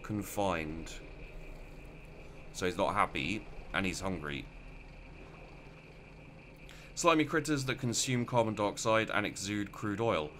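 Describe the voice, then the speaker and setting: A man's voice: fairly low pitch, lively intonation, takes it slowly, pauses often, background noise. A man casually commentating his gameplay, rambling and mocking himself as he plays. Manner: rambling, self-mocking, talks to himself while playing. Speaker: let's play gamer.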